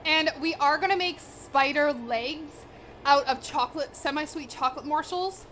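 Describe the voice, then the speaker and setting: A young woman cooking on a live stream from her home kitchen talks with a high voice, a bit bright, at a normal speed. Slight background noise is present. She's chatty and slangy, addresses her chat directly, and sounds a little out of breath.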